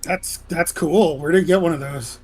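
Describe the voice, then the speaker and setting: A man playing a tabletop game, talking in a laid-back, low-key way. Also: normal speed, crowd noise. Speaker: player. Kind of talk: casual tabletop play.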